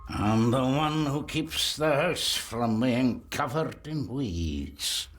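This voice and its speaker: A blind old Scottish gardener, slow and cryptic. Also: male voice, medium pitch, lively intonation, a bit bright. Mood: ominous. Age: older. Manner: slow, cryptic, drawling with Scots words.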